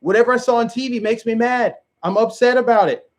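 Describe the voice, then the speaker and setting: Brief: petulant outraged whiner, high and exaggerated, as a man mocks him. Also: a little fast. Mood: mock outrage. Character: whiny outraged adult, mocked caricature.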